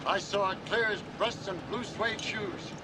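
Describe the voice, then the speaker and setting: Rambling drunk preacher, older man, high-pitched, movie clip buried in loud noise. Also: fairly even intonation, measured pace. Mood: preachy rambling. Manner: preachy, rambling sermon-like talk. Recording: film clip under loud rumbling noise.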